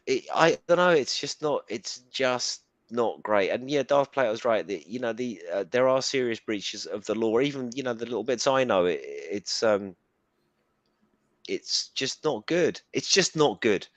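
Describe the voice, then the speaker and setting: A man, a guest on a live-stream chat, talking casually and haltingly, often repeating and restarting his words. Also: mid-range voice, expressive, no echo.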